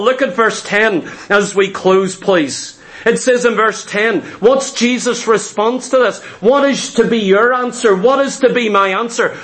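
A man's voice: sits high, fairly bright tone. A man preaching a sermon, emphatic and repetitive, acting out little scenes as he goes.

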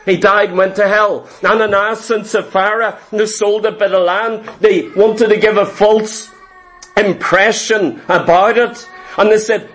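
A man's voice: high-pitched, steady tone, measured pace, a bit bright. A man preaching a sermon, retelling Bible stories with emphasis and acting out the characters' lines. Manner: emphatic storytelling, acting out biblical dialogue.

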